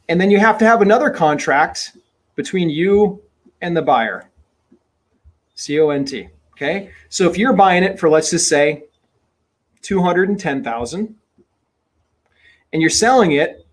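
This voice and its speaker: Energetic man coaching on real estate. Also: on the high side. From Minnesota. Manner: energetic, emphatic, repeats phrases. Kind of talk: teaching a webinar.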